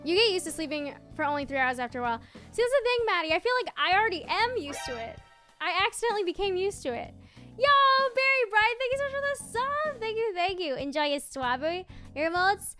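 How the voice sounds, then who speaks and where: A young woman streamer chatting casually with her viewers, telling a story in an animated way with lots of laughing and fillers. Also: very high voice, fast talker, soft background music. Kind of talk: casual live-stream chat.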